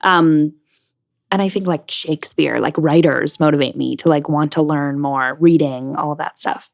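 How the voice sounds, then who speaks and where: Speaking at a normal speed in a deep voice with vocal fry, a young woman from New Jersey/New York, a Broadway actress, chats as a guest in a casual interview. She comes across frank and filler-heavy.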